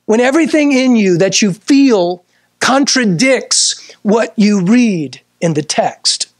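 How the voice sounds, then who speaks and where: A male pastor preaching a midweek sermon, emphatic, repeating key phrases and moving between slow, drawn-out lines and quick bursts. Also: high-pitched, lively intonation, dry recording, studio quality. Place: church service.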